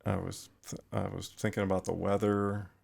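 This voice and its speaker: A middle-aged man, a retired firefighter, talking thoughtfully in a podcast interview, pausing and restarting often. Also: deep voice, level tone, vocal fry, a little mellow. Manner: thoughtful, halting with frequent restarts.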